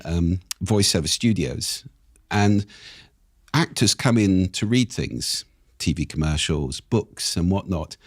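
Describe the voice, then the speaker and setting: A man speaking as a guest on a podcast, explaining ideas with an expressive, animated delivery. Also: no echo, studio quality. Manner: expressive, animated delivery with wide pitch swings. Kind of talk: interview conversation.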